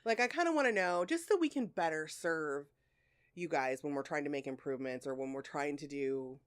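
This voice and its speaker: A woman with a fairly low voice chats on her podcast. She is candid and rambling and swears freely. Her throat is a little sore. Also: fairly quick. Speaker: podcast co-host. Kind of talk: casual chat.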